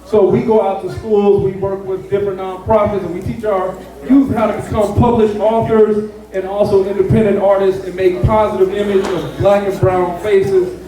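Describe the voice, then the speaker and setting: A man's voice: high-pitched, level tone, moderate pace, mellow. A man earnestly introducing himself and his business to a live crowd. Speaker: guest entrepreneur. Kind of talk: short self-introduction to a crowd. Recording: very echoey hall, distant mic.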